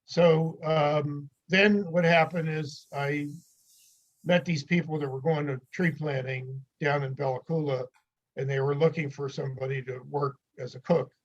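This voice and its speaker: A man's voice: on the high side, steady tone, measured pace, highs cut off. An older man from the United States, a podcast guest, telling rambling anecdotes with chuckles in a casual interview.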